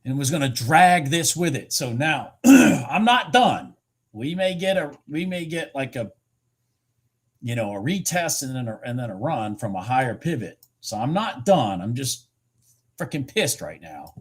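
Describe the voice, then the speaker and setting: A man's voice: mid-range voice, big pitch swings, unhurried, husky. A man giving live trading commentary, muttering in frustration and urging the market on as he watches his charts. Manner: urges the market on with repeated pleas. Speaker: futures trader streaming live.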